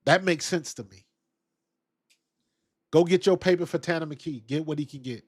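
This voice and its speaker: With a fairly high-pitched voice at normal speed, a sports talk host chats loosely on a casual football live-stream and responds to comments in the chat. The recording is dry and of studio quality, and his tone stays relaxed.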